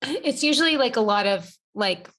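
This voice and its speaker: A woman co-hosting a podcast chats casually in a fairly high, fairly bright, expressive voice at a moderate pace. She rambles, filling her talk with lots of "like."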